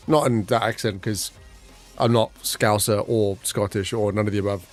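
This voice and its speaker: A young man chatting casually with his livestream chat, talking fast and swearing, with his pitch jumping up whenever he quotes someone. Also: faint music behind. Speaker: streamer.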